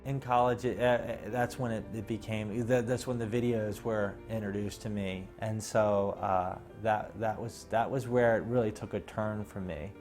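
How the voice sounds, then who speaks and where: A man speaking hesitantly about his own past in an interview, often restarting. His voice sits low, and faint plucked guitar plays beneath him. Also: steady tone, moderate pace, few pauses, darkish tone. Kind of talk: personal testimony.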